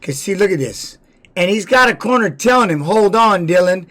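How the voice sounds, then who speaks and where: Man, fairly high voice, casual stream commentary, blunt, swears a lot, hammers words by repeating them. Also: animated, brisk, pushed and bright. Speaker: streamer commenting on fight videos.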